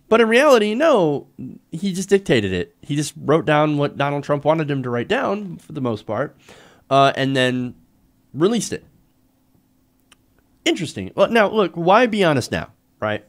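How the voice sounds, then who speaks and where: A man's voice: a little high, sing-song, normal speed. Sarcastic male political show host. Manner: sarcastic, laughing, emphatic. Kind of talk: political commentary on a live online show.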